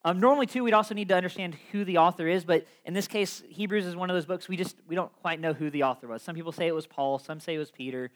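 A young man delivers a sermon from the pulpit. His voice sits high for a man, and he tells his story in an animated way, laughing often and swinging between loud and soft. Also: fast, few pauses. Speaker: preacher.

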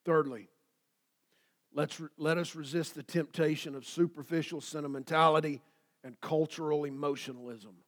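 A pastor preaching a sermon, swinging between loud declarations and quiet asides. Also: male voice, fairly high pitch, steady tone, normal speed.

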